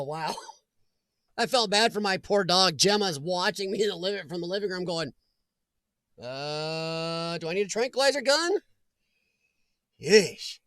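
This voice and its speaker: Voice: medium pitch, fairly bright tone. A chatty host running a casual livestream from home, often breaking into laughter while greeting viewers by name. The voice sits mid-range and sounds dry and close, with no room echo.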